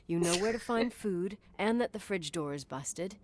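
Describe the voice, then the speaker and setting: A woman's voice: mid-range voice, expressive, normal speed, noisy background, natural voice. An actress playing a guarded young woman who speaks tersely and suspiciously. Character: guarded young woman back at family hotel.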